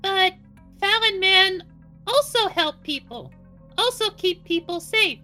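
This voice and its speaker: A tiny, loyal creature squeaks out short, broken phrases very high and slow. The tone is bright and piercing. Faint music plays behind. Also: female voice, lively intonation, heavily acted. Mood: earnest. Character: small childlike creature with broken speech, loyal.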